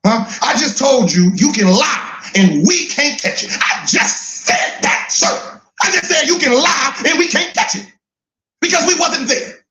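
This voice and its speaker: A middle-aged man with a high, lively, bouncing voice mocks a play in casual commentary. He laughs a lot and keeps prodding with "huh?". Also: measured pace. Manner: teasing, laughs often, repeats "huh?". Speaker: podcast co-host reacting to clips.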